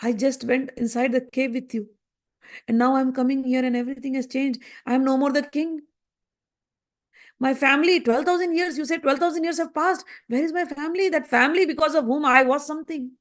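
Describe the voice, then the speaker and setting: A woman's voice: sits high, flat delivery, brisk, warm tone, close to an everyday voice. A woman voicing a middle-aged king, bewildered and grieving, asking pained, pleading questions.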